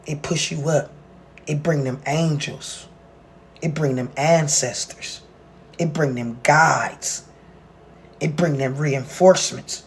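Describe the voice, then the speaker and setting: Vlogger preaching about prayer, slangy and fervent, mid-pitched voice, a little hiss behind. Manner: casual street slang and drawl. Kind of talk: personal vlog monologue.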